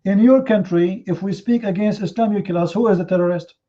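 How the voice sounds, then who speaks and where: Male debate host, fairly high voice, combative and sarcastic, non-native English, slightly muffled stream audio. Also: fairly quick, warm tone. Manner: confrontational, mocking, rhetorical questions. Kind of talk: heated live online debate.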